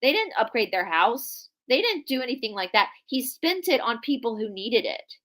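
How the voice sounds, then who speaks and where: A woman's voice: on the high side, sing-song, moderate pace, fairly bright tone. A young woman co-hosting a live video call, telling a personal family story in an earnest, chatty way, with frequent restarts. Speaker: podcast co-host. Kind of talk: casual live-stream chat.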